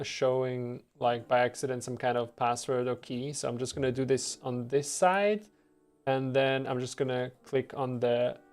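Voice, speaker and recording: Man, mid-pitched, rambling casual devlog chat, filler-heavy, self-deprecating, faint music behind. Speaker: indie game developer streaming. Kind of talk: casual devlog stream talk.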